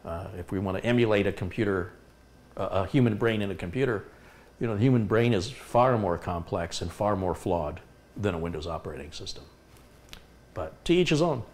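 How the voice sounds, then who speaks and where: Low-voiced man thinking aloud on a live stream. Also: expressive, a little fast. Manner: thinks aloud, muttering to himself while working at a computer. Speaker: tech vlogger hosting a live stream. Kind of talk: casual live-stream chat.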